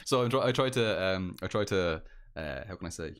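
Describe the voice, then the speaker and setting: A man's voice: low-pitched, lively intonation, a little fast, a bit bright, smooth. An Irish man chatting casually on a podcast, rambling with many fillers and restarts. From Ireland. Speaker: podcast guest. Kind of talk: casual chat.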